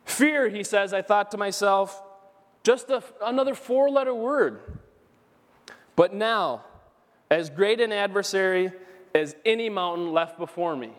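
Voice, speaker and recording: A man preaching a sermon as pastor, telling a story with animated, emphatic rises. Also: high voice, unhurried, pauses often. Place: church sanctuary. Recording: church hall with long reverb.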